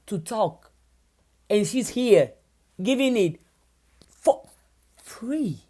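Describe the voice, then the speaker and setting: Slow-talking woman hosting a live stream. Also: fairly high pitch, animated, mellow, breathy edge. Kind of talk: casual live stream chat.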